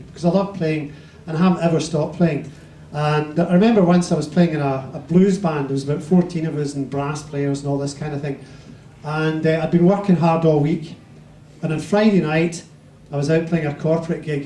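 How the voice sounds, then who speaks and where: A Scottish musician telling a rambling anecdote on stage, building it up to a punchline. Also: male voice, a little high, mellow, a little hiss or hum. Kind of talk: stage anecdote to a live audience. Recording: roomy, distant stage mic.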